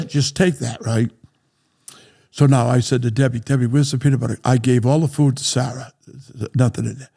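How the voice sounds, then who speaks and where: A man's voice: medium pitch, steady tone, normal speed, vocal fry, mellow. An older man from Rhode Island, a guest on a talk show, telling stories in a blunt, profane way, often asking "right?" and laughing as he goes. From Rhode Island, USA. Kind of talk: casual storytelling.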